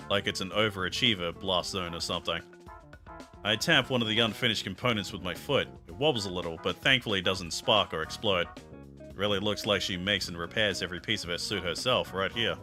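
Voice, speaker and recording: A man reads a story game's narration aloud on stream, playful and quick to joke. His voice sits lowish but rings very bright and tense. Soft game music runs behind him. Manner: playful, breaks off to laugh and crack jokes. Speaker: streamer reading a visual novel aloud. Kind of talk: reading narration aloud with joking asides.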